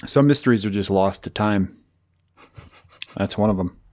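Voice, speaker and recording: A man's voice: lowish voice, moderate pace, a little mellow. A man co-hosting a podcast, chatting casually and often searching for words. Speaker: podcast co-host. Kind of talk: casual chat.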